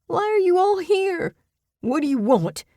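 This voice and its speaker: A woman reading an audiobook voices a panicked, intoxicated grown man who shouts and slurs his words. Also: mid-range voice, very animated, slow, no echo, clean studio sound, heavily acted. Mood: frantic. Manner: frantic, shouting and slurring.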